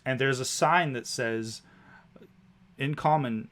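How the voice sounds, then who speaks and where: A man's voice: medium pitch, slow pace, long pauses, fairly bright tone. A man narrating a tabletop game as game master, describing scenes with casual fillers.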